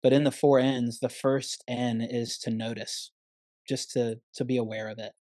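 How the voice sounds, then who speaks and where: A man's voice: mid-range voice, level tone, moderate pace, warm tone, no echo, clean studio sound. A man speaking as a therapist guest on a podcast, earnest and emphatic, often calling the listener "man". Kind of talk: conversational podcast interview.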